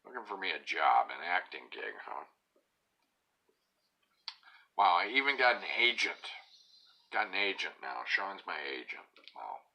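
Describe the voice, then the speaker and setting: A man with a fairly low but very bright, forceful voice, chatting casually on a live stream. His pitch swings widely as he reads viewer comments aloud and pokes fun at himself. Now and then he drops into soft whispered asides. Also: big pitch swings, moderate pace. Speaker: live-stream vlogger reading chat.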